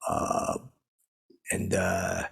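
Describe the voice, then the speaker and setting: A man hosting his own podcast, telling boastful comic stories in a meandering way with lots of fillers. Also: drawn-out words. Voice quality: gravelly, raspy. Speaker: podcast host. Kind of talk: rambling comic storytelling.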